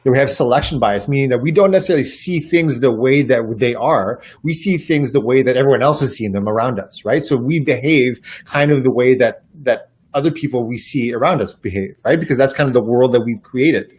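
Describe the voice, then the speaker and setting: An earnest man sits for a relaxed podcast conversation, his voice sitting at an ordinary middle pitch. He reflects aloud and winds through a personal story, often backing up to restart a phrase before pushing on. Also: fairly quick, hardly any pauses, breathy edge. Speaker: podcast guest. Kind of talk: casual conversational interview.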